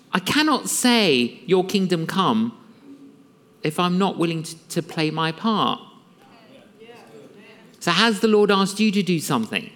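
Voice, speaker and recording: A preacher, telling a story from the pulpit and acting out the dialogue with laughter. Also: mid-range voice. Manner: animated, acts out dialogue with laughter. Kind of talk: storytelling sermon. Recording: long reverb of a large hall.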